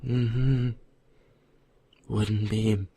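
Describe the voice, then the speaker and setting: A man playing a comedy guest on a podcast, speaking in a quiet, deadpan, matter-of-fact way. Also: lowish voice, extremely slow, creaky, slight background noise.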